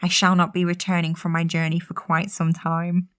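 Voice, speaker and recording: A woman's voice: lowish voice, monotone, clean tone, natural voice. A woman doing a weary old monster hunter. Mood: solemn. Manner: slow, grave reading. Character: aging male monster hunter, solemn and weary.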